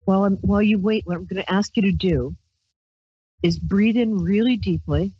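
This medium-pitched, breathy woman speaks at a moderate pace as she runs a psychic call-in radio show out of Brooklyn, reading tarot cards on a handheld mic. Chatty and rambling, she's playful and squeals her exclamations. The stream audio is dull, lo-fi and dry, with no room sound.

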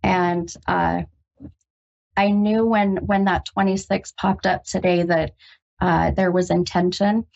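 Woman, psychic radio host, lightly gravelly, hesitant and comforting, muffled lo-fi sound. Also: lowish voice, steady tone. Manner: halting, full of ums, gentle and reassuring. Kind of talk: call-in psychic reading. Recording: dull lo-fi radio recording.

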